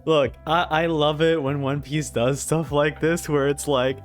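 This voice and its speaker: A man reading out a manga chapter in a casual reaction video, laughing often and doing quick funny voices for the lines. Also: on the high side, faint music behind.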